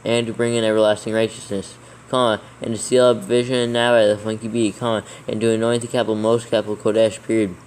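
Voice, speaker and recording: Flat-voiced man dictating text slowly. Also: on the low side, slight background noise, poor audio. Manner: slow deliberate dictation. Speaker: proofreader dictating scripture. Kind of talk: reading text aloud with punctuation dictated.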